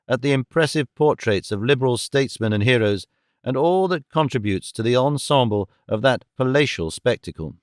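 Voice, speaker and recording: A man reads a classic novel aloud in a measured, literary way. His voice sits at a middle pitch and is recorded close and dry, with no room sound around it. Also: clean tone, dry recording. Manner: measured literary reading, shifting voice for quoted characters. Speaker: audiobook narrator. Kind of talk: scripted narration of a classic novel.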